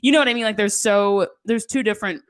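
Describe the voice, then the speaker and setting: A woman's voice: mid-range voice, quick pace. A woman hosting a podcast in casual chat, laughing often and filling her talk with "like". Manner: chatty, laughs often, says "like" a lot. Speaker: podcast host.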